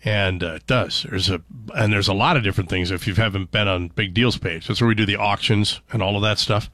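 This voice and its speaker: A man's voice: on the low side, fairly quick, bright, forceful tone, no echo. Rambling male radio morning host. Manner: rambling, many fillers and restarts. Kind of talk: casual radio chat. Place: radio studio.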